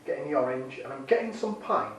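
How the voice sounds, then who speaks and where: A man casually reviewing a beer, enthusiastic and rambling, deliberately keeping his voice down, recorded on a camera's built-in microphone. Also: medium pitch, big pitch swings. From United Kingdom. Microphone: built-in camera mic. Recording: very echoey room, distant mic, faint noise.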